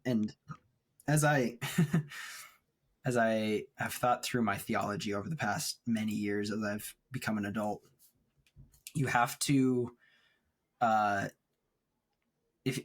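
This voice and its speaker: On a remotely recorded film podcast, this co-host talks in a casual, thoughtful, rambling manner with frequent laughs. His pitch is fairly low, and he speaks a little slowly, pausing often.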